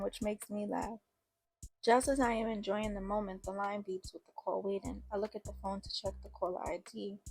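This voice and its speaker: A woman narrating a first-person story in a casual, slangy way. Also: medium pitch.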